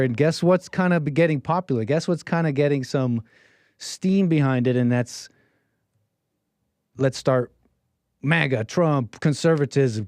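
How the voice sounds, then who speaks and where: A man's voice: a little high, darkish tone, no echo. A man hosting a call-in livestream show, talking in a brash, rambling way with playful catchphrases. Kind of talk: casual livestream monologue.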